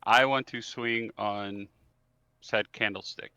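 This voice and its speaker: A man's voice: on the low side, steady tone, takes it slowly, sharp tone, smooth, dry recording. A man playing a character in an online tabletop game, talking hesitantly with many restarts. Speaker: player. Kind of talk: casual tabletop game play.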